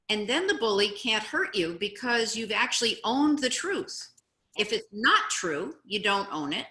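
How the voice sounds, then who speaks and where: Woman guest, higher bright voice, encouraging storyteller, echoey room. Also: sing-song, moderate pace. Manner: encouraging, storytelling with acted-out examples. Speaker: guest, anti-bullying advocate. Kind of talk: casual interview chat with a child.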